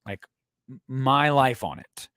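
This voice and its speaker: A man hosting a movie news livestream who rambles, jokes crudely and talks animatedly to his viewers. His voice sits at an ordinary middle pitch. The sound is dry and close, with no room echo. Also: very animated, slow pace, fairly bright tone. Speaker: host of a movie news stream. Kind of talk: casual livestream chat.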